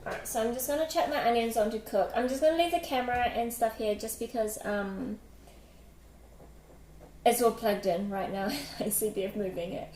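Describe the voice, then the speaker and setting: A woman's voice: on the high side, normal speed, slight background noise. Chatty woman streaming from an echoey kitchen. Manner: chatty, many fillers, giggly. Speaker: livestream host cooking. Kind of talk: casual cooking livestream chat, reading chat. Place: home kitchen. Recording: echoey kitchen with loud clatter. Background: kitchen clatter, chopping and dishes.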